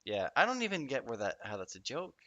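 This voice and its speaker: Joking young Canadian man, bright. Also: medium pitch, wildly swooping pitch, no room sound, muffled recording. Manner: joking, swears often, quick bursts of laughter. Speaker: guest. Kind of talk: casual podcast chat.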